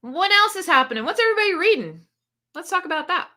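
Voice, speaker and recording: A woman's voice: very high voice, big pitch swings, fast talker, pushed and bright. A woman hosting a casual livestream about books, chatting loosely, laughing often and reacting to viewer comments. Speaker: book channel host.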